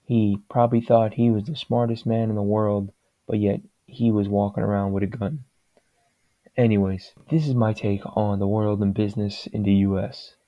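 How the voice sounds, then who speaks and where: Man, low pitch, plain-spoken rambling opinion vlog; dry, dull lo-fi recording. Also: flat delivery, moderate pace, mellow, no room sound. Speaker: vlogger giving his opinion. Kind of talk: casual opinion monologue.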